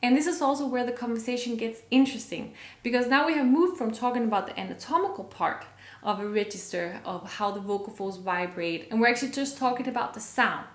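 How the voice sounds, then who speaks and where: A woman's voice: fairly high pitch, expressive, fast talker, reverberant. A woman vocal coach explaining singing technique to her viewers, upbeat and enthusiastic, stopping to sing short examples.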